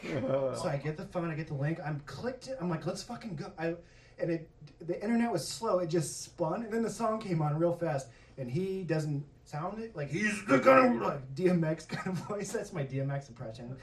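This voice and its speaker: A man's voice: fairly high pitch, normal speed, distant mic, a little hiss or hum. A man doing a stand-up comedy set, telling a story conversationally and swearing often. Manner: conversational storytelling with swearing and animated quoted voices.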